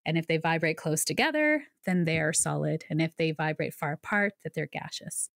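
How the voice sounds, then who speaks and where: Low gravelly-voiced woman telling her story. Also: fairly quick, dry recording, studio quality. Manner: earnest, explanatory, with lively asides. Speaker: guest, psychic medium. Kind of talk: conversational podcast storytelling.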